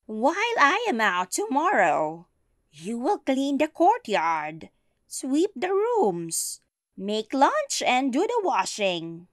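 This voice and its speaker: A woman voicing a menacing old witch who threatens to eat a child, loud and commanding. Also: high voice, huge pitch swings, slow pace, no echo, studio quality, pitched above the performer's own voice, exaggerated voice.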